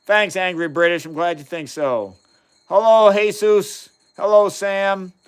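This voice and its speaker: An enthusiastic man in his fifties with a slightly higher voice chats casually on a livestream. He explains acids and bases in plain words and reads out viewers' questions as he goes. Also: steady tone, unhurried, clear, resonant tone. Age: 50s. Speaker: chemistry livestream host. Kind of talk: casual live-stream chat while doing experiments.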